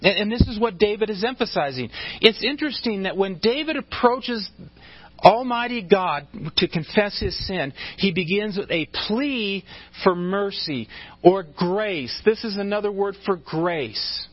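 A man's voice: high voice, lively intonation, a little slow, slightly rough, no echo, dull audio. A man preaching a sermon in a conversational way, restarting phrases and joking with his congregation. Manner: conversational, with frequent restarts and asides. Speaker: pastor.

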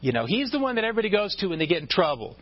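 A man's voice: high-pitched, big pitch swings, very fast, dull audio. A man preaching a sermon in a conversational way, restarting phrases and joking with his congregation. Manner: conversational, with frequent restarts and asides. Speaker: pastor.

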